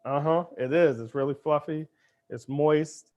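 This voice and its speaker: A man's voice: a little high, measured pace, darkish tone, muffled recording. A man hosting a cooking demonstration in a kitchen, talking in a playful, chatty way as he cooks. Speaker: cooking show chef.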